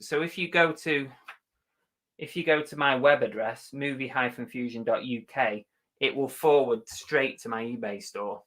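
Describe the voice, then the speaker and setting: Bright-voiced man hosting a livestream. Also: mid-range voice. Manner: chatty, upbeat, laughs easily. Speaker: reseller channel host. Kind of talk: live-stream chat reading viewer comments.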